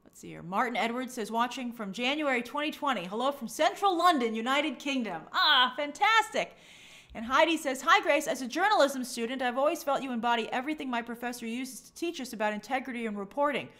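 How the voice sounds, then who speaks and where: High-pitched gushy woman reading out chat comments on her stream, trips on names a lot. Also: lively intonation, brisk, bright, forceful tone. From New York. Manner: bubbly, gushing, stumbles over names. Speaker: livestream host. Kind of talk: casual live chat reading viewer comments.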